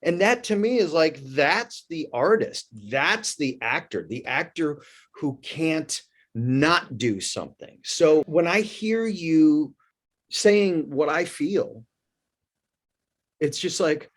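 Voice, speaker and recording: A man's voice: a little high, expressive, slow pace. A man hosting an interview, enthusiastic and effusive, stumbling over his words with praise. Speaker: interview host. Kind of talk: interview host chat.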